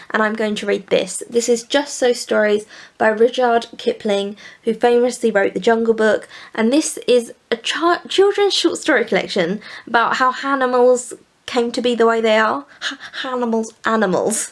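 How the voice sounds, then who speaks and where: A young woman from England chatting casually in a book vlog, rambling and laughing often. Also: a little high. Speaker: book vlogger.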